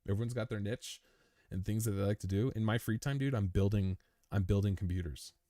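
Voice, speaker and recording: Fairly quick and warm-toned, this lowish male voice comes through at studio quality with no room sound. He hosts a crypto live stream and, though worn out from the long session, casually answers viewer comments, rambling in a chummy, laid-back way and calling viewers dude.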